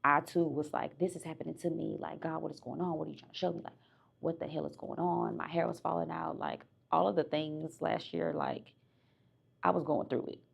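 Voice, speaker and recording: A woman's voice: deep voice, normal speed, gravelly, husky. A young woman hosting her own podcast, speaking candidly and conversationally as she reflects on her life. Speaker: podcast host. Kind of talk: reflective personal monologue.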